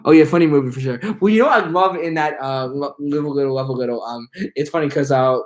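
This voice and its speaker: A man's voice: medium pitch, fast. A man hosting his own live stream, chatting casually and rambling, with many fillers and restarts. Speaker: channel host.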